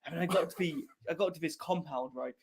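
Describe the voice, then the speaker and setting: A man's voice: on the high side, quick pace, a little hiss or hum. A man with a slightly raised voice tells a rambling story in loose podcast banter. He laughs through his lines and drops crude slang. His tone is easy and chatty. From Wales. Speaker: guest telling a travel story. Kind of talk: casual podcast chat.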